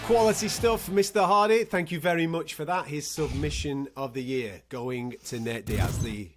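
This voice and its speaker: A man's voice: on the high side, normal speed, music in the background. A man presenting a studio sports panel and teasing his co-hosts playfully.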